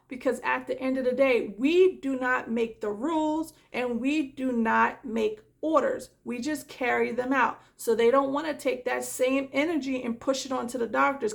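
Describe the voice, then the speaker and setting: A woman's voice: high-pitched, fairly even intonation, measured pace, gravelly, fairly bright tone. A woman who works as a nurse, talking in a casual vlog, exasperated and emphatic.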